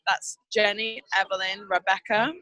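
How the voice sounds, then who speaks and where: A woman's voice: medium pitch, flat delivery, moderate pace, sharp tone, muffled recording. Upbeat chatty woman leading a team call. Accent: not Canadian. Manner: upbeat, chatty, laughs often. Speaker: team leader. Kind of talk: casual team training call.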